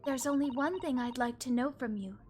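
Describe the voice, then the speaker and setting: A woman's voice: high voice, brisk, noisy background, voice pushed up, lightly acted. A woman voicing an earnest, formal young woman assistant in a game read-through. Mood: pleading.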